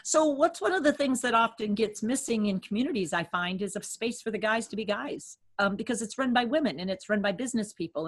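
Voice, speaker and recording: A woman co-hosting a care podcast, who talks in a lively way, thinks aloud and corrects herself as she goes. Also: medium pitch. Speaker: dementia care educator, co-host. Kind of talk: casual podcast chat.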